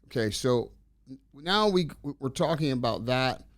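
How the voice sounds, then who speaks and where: A middle-aged man telling stories in a casual interview, rambling and animated as he acts out the dialogue. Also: mid-range voice, measured pace, no echo, studio quality. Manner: rambling, animated storyteller acting out quoted dialogue. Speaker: interview guest.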